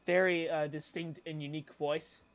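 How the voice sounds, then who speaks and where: A young man with a high voice co-hosts a podcast, rambling through casual chat full of "like" and restarts. His pitch barely moves, there's no echo, and he breaks into quick voice impressions.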